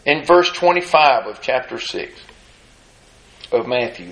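A man preaching a sermon. He reads scripture in a measured cadence and asks the congregation folksy rhetorical questions. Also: medium pitch, animated, a bit bright. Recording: echoey room.

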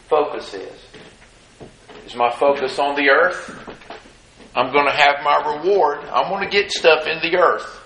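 A man preaching a sermon. He reads scripture in a measured cadence and asks the congregation folksy rhetorical questions. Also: medium pitch, bright, forceful tone, a little hiss or hum. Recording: echoey room.

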